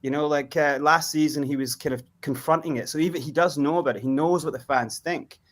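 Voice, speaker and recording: A man's voice: fairly high pitch, fairly even intonation, fairly quick. A man, a fan being interviewed outdoors after a match, chatting casually and rambling with lots of laughter. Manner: laughing, rambling, sings chants loudly. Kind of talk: casual post-match chat.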